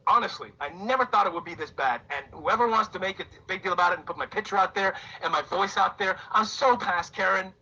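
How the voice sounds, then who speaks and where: A man's voice: high voice, fast, hardly any pauses, pushed and bright. A Bahamian man in his forties hosting a radio talk show, ranting emphatically with repetition and sarcasm. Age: 40s. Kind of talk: impassioned on-air rant. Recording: dull lo-fi radio broadcast.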